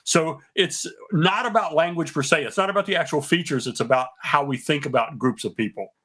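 A man from the American South, a linguist guest calmly explaining things with many pauses on a radio talk show. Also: a little high, husky. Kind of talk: radio interview.

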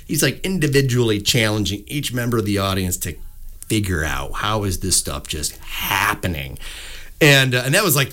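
A middle-aged man, a musician guest on a radio show, telling stories with lots of energy and acting out little voices. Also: lowish voice. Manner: animated storyteller, acts out voices in anecdotes. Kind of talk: casual radio interview. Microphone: studio microphone.

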